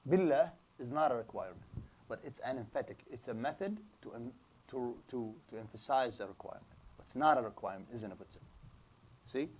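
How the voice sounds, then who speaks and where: This man lectures to a class in a halting, repetitive way, often restarting his sentences. He drops Arabic terms into his English explanation, and his voice sits at an ordinary middle pitch for a man. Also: lively intonation, a little hiss or hum. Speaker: Islamic studies teacher. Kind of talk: classroom lecture with student questions.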